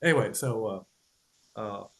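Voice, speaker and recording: A man's voice: on the low side, unhurried, creaky, low-quality recording. A man in casual explanatory podcast talk, loose and conversational, swearing, laughing and often checking in with "right?". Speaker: podcast host.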